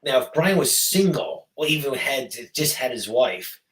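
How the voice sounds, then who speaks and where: A man co-hosts a late-night chat, spinning crude stories with lots of laughter. His pitch swings widely and his tone is bright, and he sits a little back from the mic. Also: measured pace, distant mic, rough recording. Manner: animated, laughing, profane storytelling. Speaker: co-host.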